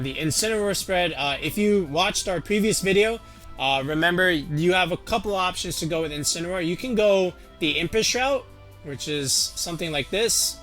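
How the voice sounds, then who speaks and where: A man's voice: a little high, bright, forceful tone. A man casually walking through a game teambuilding tutorial, rambling with lots of fillers and restarts. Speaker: competitive game YouTuber.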